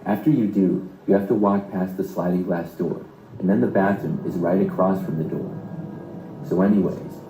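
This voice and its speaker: A man narrating a scripted first-person horror story in a steady, even delivery. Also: deep voice, normal speed, noisy background. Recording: roomy echo.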